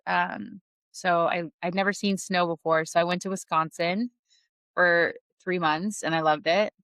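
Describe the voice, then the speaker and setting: A woman with a low-leaning voice, chatting casually and telling stories from her healthcare work. She laughs often and puts on the voices of the people in her stories. The sound is dry and close. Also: measured pace, no echo. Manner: animated, laughs often, acts out quoted lines. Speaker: podcast guest, lead EMT. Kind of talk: casual storytelling chat.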